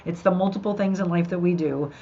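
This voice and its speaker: A woman's voice: fairly low pitch, quick pace, warm tone. A middle-aged woman hosting a podcast, chatting upbeat and talking straight to her listeners. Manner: upbeat, addresses listeners directly. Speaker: podcast host. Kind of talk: live podcast chat with viewers. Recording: dull lo-fi sound.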